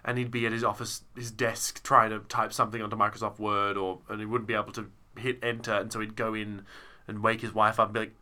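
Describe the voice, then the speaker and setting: A man with a lowish, bright, forceful voice talks fast and flat as a podcast co-host. In a casual chat reviewing a show he saw, he rambles, interrupts himself, and fills gaps with lots of fillers.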